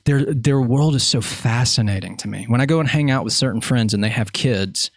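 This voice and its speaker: A man hosts a casual podcast interview in a loose, jokey way, often poking fun at himself as he rambles. His voice sits at a middle pitch, and the recording is dry and close. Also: brisk, no room sound. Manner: jokey, rambling, self-mocking. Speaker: podcast host.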